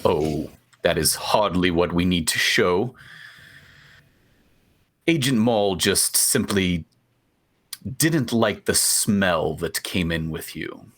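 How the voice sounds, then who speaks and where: A man's voice: sits low, slow, pauses often, fairly bright tone. A man playing his character in a tabletop game, speaking formally and with composure. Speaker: player. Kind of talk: in-character role-play.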